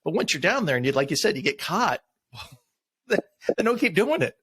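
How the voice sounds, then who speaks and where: A man hosting a podcast, his voice sitting a little high for a man. He speaks casually and reflectively, agreeing with his guest and then asking him questions. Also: big pitch swings, moderate pace, fairly bright tone, breathy edge. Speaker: podcast host.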